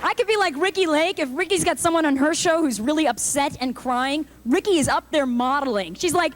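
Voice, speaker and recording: A woman's voice: high-pitched, a little fast, hardly any pauses. A woman doing a punchy stand-up comedy set on a live club stage, jumping into character voices.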